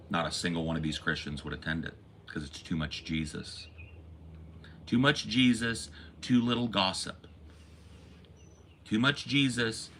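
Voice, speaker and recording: Deep-voiced man on a profane rant. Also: pushed and bright, slight background noise. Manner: ranting, preachy, profane. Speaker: podcast host. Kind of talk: impassioned monologue.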